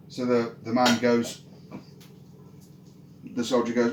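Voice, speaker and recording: A man telling a folk tale in a relaxed, casual way, with many "so he goes" links. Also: mid-range voice, takes it slowly, long pauses. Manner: relaxed, repetitive "so he goes" narration. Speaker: storyteller and channel host. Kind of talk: casual spoken storytelling. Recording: roomy echo, faint ambient noise.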